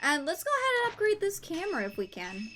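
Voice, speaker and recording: A woman's voice: very high voice, huge pitch swings, fast, bright, forceful tone, a little hiss or hum. A young woman streaming a game, chatting casually in a playful, giggly way. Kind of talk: casual gaming stream chat.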